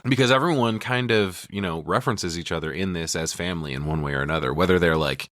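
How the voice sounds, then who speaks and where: A man's voice: low voice, fast, fairly bright tone, no echo, clean studio sound. A man co-hosting a podcast, casually recapping a film scene by scene, profane, slipping into quoted lines. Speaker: podcast co-host. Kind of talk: casual movie recap chat.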